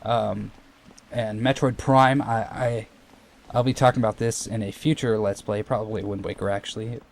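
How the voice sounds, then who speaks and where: A man's voice: lowish voice, little pitch movement, moderate pace, gravelly, a little hiss or hum. A young man giving casual, rambling commentary over a video game playthrough, full of fillers and restarts. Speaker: Let's Play commentator.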